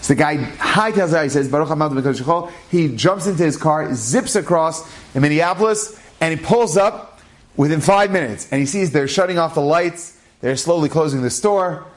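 Man telling a story with animated delivery. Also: on the high side, moderate pace. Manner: animated, acts out the characters' lines. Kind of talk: spoken storytelling.

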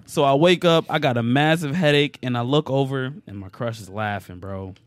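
A man's voice: mid-range voice, moderate pace, no echo. Young man telling a story, dry sound. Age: young adult. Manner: animated storytelling, heavy slang. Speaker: podcast host. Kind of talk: casual podcast chat.

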